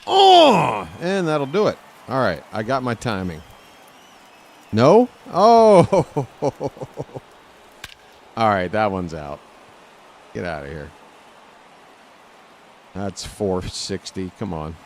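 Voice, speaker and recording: A man streaming live gameplay from a lounge chair at home, talking to the game and reacting loudly as he plays. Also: low voice, expressive, takes it slowly, pauses often, a little hiss or hum. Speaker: gaming streamer.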